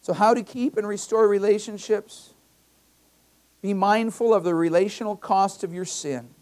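A man's voice: sits high, normal speed, a little mellow. Male pastor preaching a conversational sermon. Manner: conversational preaching with personal anecdotes; emphatic, repeats key phrases. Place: church.

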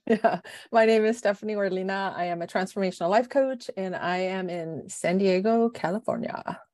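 A middle-aged woman co-hosting a podcast as a life coach, talking in a rambling, emotional, animated way. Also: mid-range voice, normal speed, no echo. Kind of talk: casual podcast chat.

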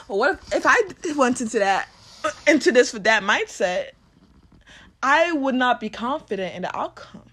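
A woman's voice: on the high side, sing-song, normal speed, pushed and bright, breathy edge. A woman hosting her own podcast, giving a blunt, profane motivational rant with bursts of laughter. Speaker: podcast host.

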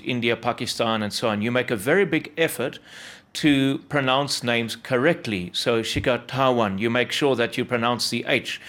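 A man hosts an interview and asks his questions with friendly curiosity. He hesitates often and repeats words while he builds his sentences. His voice sits at an ordinary middle pitch. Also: fairly bright tone. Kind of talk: interview conversation.

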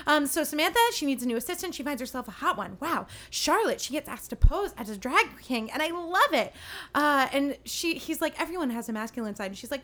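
A young woman hosts a casual recap podcast, her voice high and bright. She talks in a chatty, sarcastic way, dropping quick playful impressions of characters. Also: expressive. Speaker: podcast host recapping episodes.

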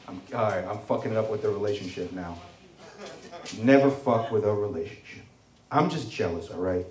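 A man's voice: mid-range voice, darkish tone. A man in his thirties doing a stand-up comedy set, loose and rambling, crude, slipping into mocking voices. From Morocco. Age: 30s. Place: comedy club stage. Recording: roomy club sound from a distance.

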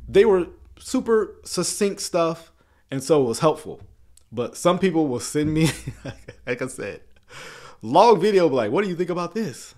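A man's voice: a little high, big pitch swings, a little slow, long pauses, darkish tone. Chatty stammering man hosting a livestream. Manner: chatty, rambling, frequent stammered restarts; easygoing, laughs often. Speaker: YouTube channel host. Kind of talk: casual livestream chat.

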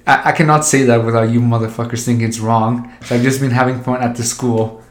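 A man's voice: medium pitch, steady tone, a little fast. A man telling stories in casual chat, crude and joking, laughing often. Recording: roomy echo.

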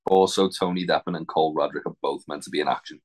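Low-voiced laid-back man. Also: steady tone, quick pace. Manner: laid-back, swears and laughs. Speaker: podcast co-host. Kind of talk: casual wrestling podcast chat.

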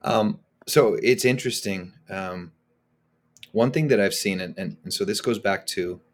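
A man with a very low voice talks as a podcast guest. He speaks casually and with emphasis and often stumbles and repeats words as he gets going. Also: unhurried. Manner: animated, emphatic, repeats words when starting thoughts. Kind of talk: casual conversational interview.

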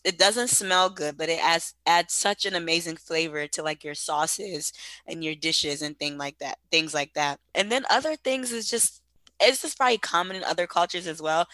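Bright, chatty woman podcast guest. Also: on the low side, dry recording. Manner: chatty and laughing, loose slangy phrasing. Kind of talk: casual podcast chat.

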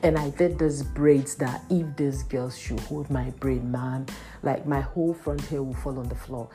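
Low-voiced woman telling a story. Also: measured pace, faint music behind. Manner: animated, raises pitch sharply for quoted voices, heavy "like" and "man". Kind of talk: casual storytime monologue.

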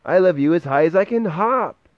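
A man voicing a small, eager young male hare in a bedtime storybook reading, raising his voice higher and louder for the part. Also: moderate pace, no echo, highs cut off. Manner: excited, earnest, higher than the reader's voice.

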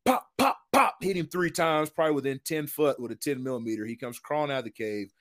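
A man, a retired football lineman, telling a hunting story in a casual, animated, slangy way, full of "dude" and "man". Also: mid-range voice, fast.

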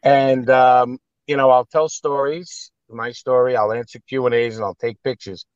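A man's voice: medium pitch, normal speed, smooth, no room sound, lo-fi sound. A man with a New York accent, a guest telling stories casually, blunt and full of swearing. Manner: blunt, profane, animated storyteller. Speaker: guest, actor and private chef. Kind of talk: casual storytelling.

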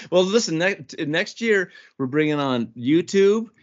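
A man co-hosting a podcast, telling a lively story in casual chat and acting out the people he quotes. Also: a little high, unhurried. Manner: animated storyteller, acts out quoted voices. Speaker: podcast co-host. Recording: dull lo-fi podcast audio.

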